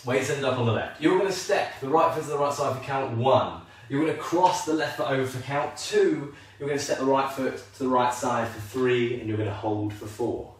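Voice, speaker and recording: A man's voice: mid-range voice, fairly quick, distant mic. A man teaching a live line dance class from home, upbeat and calling counts in rhythm while he dances. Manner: upbeat, calls counts rhythmically, jokes about himself. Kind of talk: live online dance lesson. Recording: very echoey room, voice off-mic, faint noise.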